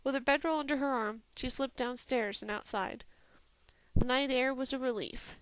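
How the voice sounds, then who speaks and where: A woman narrates a fantasy novel at a steady, even pace. Her voice sits a little high and comes through smooth and clear. The recording is close and dry. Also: moderate pace, no echo. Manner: steady, even storytelling reading. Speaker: audiobook reader.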